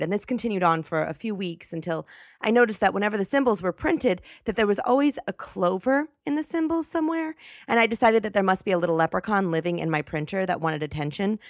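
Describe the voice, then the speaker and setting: A woman hosting a comedy podcast, telling rambling, playful stories with quick asides. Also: medium pitch, vocal fry, dry recording, studio quality. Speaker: podcast host.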